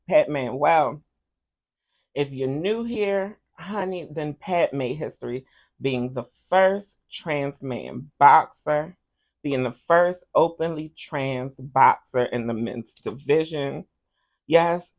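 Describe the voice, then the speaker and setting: A woman's voice: deep voice, creaky. A woman hosting a casual livestream, sassy and chatty, repeating her questions to viewers and calling them honey. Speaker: livestream host.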